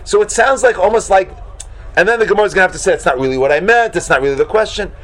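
A man teaches a Talmud class in a high voice, speaking very fast. He's animated and casual, acting out shocked exclamations and using many fillers.

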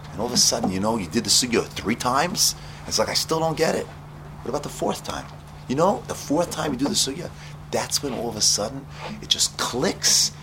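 A man teaching yeshiva students, telling a parable in an animated, conversational way with many fillers. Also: mid-range voice, noisy background. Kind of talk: storytelling sermon.

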